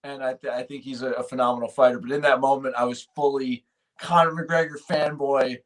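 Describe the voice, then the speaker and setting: A man co-hosting a podcast, telling stories in a casual, animated way with hesitant restarts. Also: medium pitch, a little fast. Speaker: podcast co-host. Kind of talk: casual chat.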